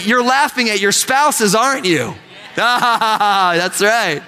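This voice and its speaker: A pastor delivers a sermon in a church sanctuary, his high, bright voice ringing out a little slowly. Animated, he draws the congregation into call-and-response, and a long reverb fills the hall.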